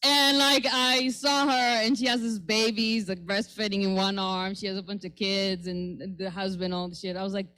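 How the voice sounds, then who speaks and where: A woman's voice: medium pitch, expressive, a little slow, bright, forceful tone, poor audio. A young woman from Israel, doing a brash, profane stand-up set on a comedy lounge stage. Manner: brash, profane, acts out voices.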